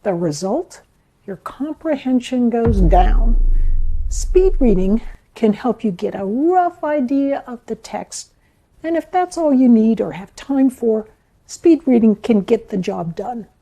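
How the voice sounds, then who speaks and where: A woman giving scripted educational narration in a measured, explanatory way. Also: a little high, animated, dark tone.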